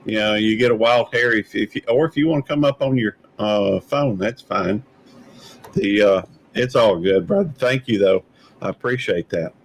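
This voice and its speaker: A man's voice: lowish voice, normal speed, low-quality recording. A man from Mississippi, hosting a live stream in an easygoing, rambling way and calling people brother. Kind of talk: casual live stream chat.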